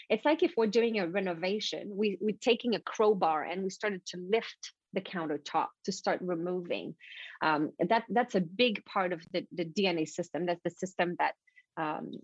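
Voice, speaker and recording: Animated French Canadian woman coach. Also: lowish voice, husky, no room sound. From French-speaking Canada. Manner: animated, repetitive, stumbling restarts. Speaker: mindset coach guest. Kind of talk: explaining a technique on a podcast. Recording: dull lo-fi dry recording.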